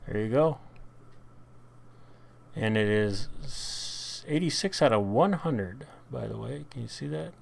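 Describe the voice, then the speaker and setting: A man hosting a live card break, reading off card names in short bursts with sudden loud, excited shouts. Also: medium pitch, takes it slowly, creaky, long pauses, a little hiss or hum.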